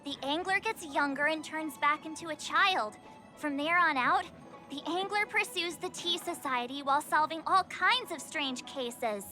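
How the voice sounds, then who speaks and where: A high, bright, chatty young sidekick. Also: female voice, moderate pace, soft background music. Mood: eager. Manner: lively, eager, storytelling.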